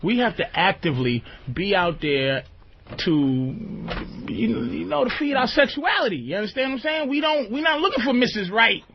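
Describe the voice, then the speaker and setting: A man's voice: high voice, very animated, normal speed, a little hiss or hum. A man hosting a radio talk show, joking loosely and often asking whether the listener understands. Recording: lo-fi radio recording.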